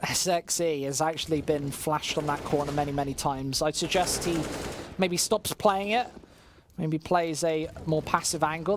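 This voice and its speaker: Excitable esports caster. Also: mid-range voice, moderate pace, noisy background. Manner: bursts of excitement over big plays, joking with chat. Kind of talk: live play-by-play commentary.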